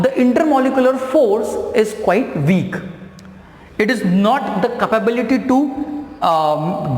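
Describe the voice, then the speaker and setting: A man teaching a science lesson, explaining slowly and repeating key phrases. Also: very high voice. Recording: echoey room with long reverb.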